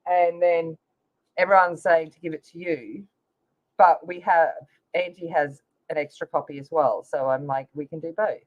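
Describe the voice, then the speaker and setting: A woman's voice: deep voice, fairly even intonation, moderate pace. A woman hosting a casual livestream, chatting with viewers by name while she colors. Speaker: livestream host. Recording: slightly dull lo-fi sound.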